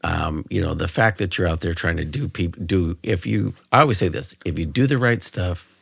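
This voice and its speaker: A man's voice: sits low, moderate pace, creaky, fairly bright tone, husky, no echo, studio quality. A man hosting a podcast, chatting casually with his guest, giving short replies and talking to him like a friend. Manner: short backchannel replies, calls the guest bro. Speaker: podcast host. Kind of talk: casual interview chat.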